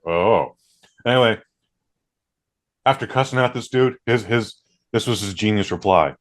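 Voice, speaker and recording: A man's voice: fairly low pitch, normal speed, pauses often. A man hosting a podcast, chatting casually and ranting with plenty of swearing. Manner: ranting, profane. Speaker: podcast host. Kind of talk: casual chat.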